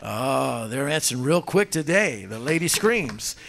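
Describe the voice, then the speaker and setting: A man hosting a live trivia quiz in a restaurant, reading out answer choices slowly and bantering with the audience. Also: medium pitch, sing-song, creaky, raised voice, very noisy. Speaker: trivia show host. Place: restaurant event.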